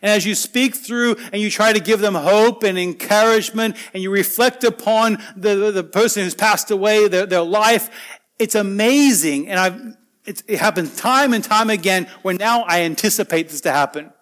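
High-voiced man preaching a sermon. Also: moderate pace. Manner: swings between loud emphatic lines and quiet soft asides; earnest, conversational preaching with restarts.

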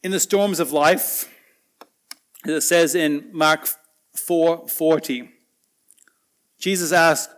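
A man preaching a sermon, earnest and conversational, swinging between loud emphatic lines and quiet soft asides. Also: a little high, fairly even intonation, slow pace, pauses often.

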